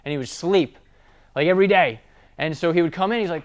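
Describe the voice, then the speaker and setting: A man's voice: on the high side, expressive, a little fast. A man giving a casual sales training talk, telling stories and often checking in with tag questions. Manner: conversational storytelling, tag questions.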